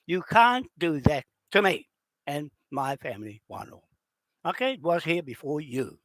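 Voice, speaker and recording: A man's voice: on the high side, sing-song, moderate pace, fairly bright tone, dry recording. A man with a New Zealand accent delivering an angry, profane monologue straight at his opponents. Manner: heated, profane, addresses opponents directly. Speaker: video channel host.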